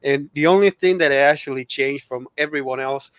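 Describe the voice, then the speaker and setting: A man with a Spanish-speaking accent, a native Spanish speaker, telling animated anecdotes in casual chat. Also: mid-range voice, brisk, smooth, no echo, dull audio.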